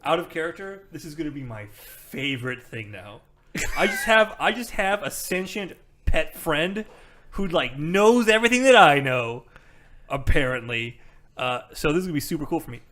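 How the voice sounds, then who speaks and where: Young dude playing d&d, kinda high voice, rambles and stammers a lot. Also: male voice, very animated, moderate pace, sharp tone. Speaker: player. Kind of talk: casual tabletop play.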